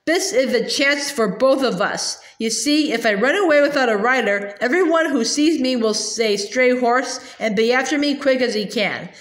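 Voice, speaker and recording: A proud, haughty talking war horse from a storybook, brisk and scornful but protective of the boy, as a woman reads him. The voice sits fairly high. The room adds a clear echo. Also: expressive, natural voice. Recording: roomy echo.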